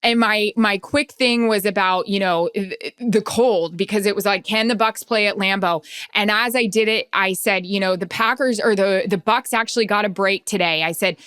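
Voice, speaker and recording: A woman co-hosting a podcast and working as a sideline reporter, telling animated stories in a casual chat. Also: mid-range voice, moderate pace, hardly any pauses, clear, resonant tone, dry recording, clean studio sound. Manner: animated storytelling, nervous self-talk.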